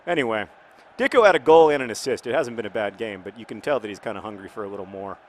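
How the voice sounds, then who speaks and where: A man casually commenting on his football video game in a rambling, jokey way, breaking into excited shouts. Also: on the low side, fast talker. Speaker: gaming video host.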